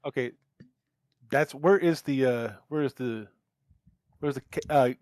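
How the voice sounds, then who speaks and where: A man's voice: mid-range voice, measured pace, a little mellow. A man playing in a tabletop game, speaking in an urgent, insistent way. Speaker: player. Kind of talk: casual tabletop role-play.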